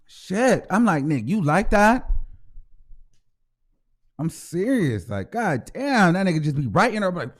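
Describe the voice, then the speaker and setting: A man's voice: high-pitched, a little slow, pauses often. A man hosting his own show, giving a casual, profane commentary and acting out the people he talks about. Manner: animated, profane, acts out quoted voices. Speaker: host.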